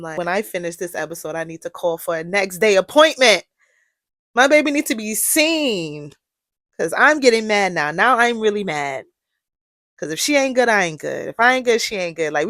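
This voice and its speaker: A young woman hosting her podcast in a casual monologue, swinging from quiet musing to loud rants, full of slang and swearing. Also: lowish voice, no echo, studio quality. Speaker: podcast host.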